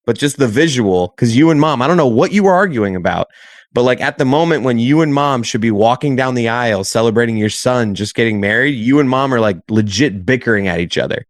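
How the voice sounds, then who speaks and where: A man's voice: medium pitch, animated, fairly quick, no room sound. Young man, podcast co-host, teasing, does little voices, dry close sound. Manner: teasing, acts out scenes in voices. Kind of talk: casual chat.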